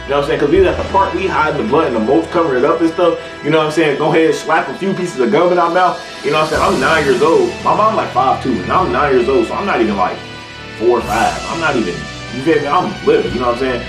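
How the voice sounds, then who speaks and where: A young man tells a story in relaxed, slangy speech and keeps checking in with his listener. His voice sits a bit high for a man. The room sounds echoey, he is set back from the mic, and music plays clearly behind him. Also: fast talker, recorded from a distance. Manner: laid-back slangy talk, keeps saying "you know what I'm saying". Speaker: vlogger. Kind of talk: casual storytelling.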